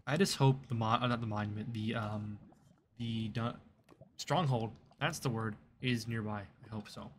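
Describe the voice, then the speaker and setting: A man's voice: on the low side, steady tone, normal speed, a little hiss or hum. Chatty self-mocking male gamer. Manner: chatty and self-mocking, talks to the game's creatures. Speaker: streamer and gaming video creator. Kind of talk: live gameplay commentary. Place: seated at a computer desk.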